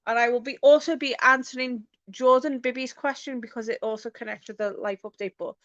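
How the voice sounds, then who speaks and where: A woman vlogging in casual chat, talking in a halting, hesitant way with many fillers. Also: on the high side, steady tone, a bit bright, no echo, lo-fi sound.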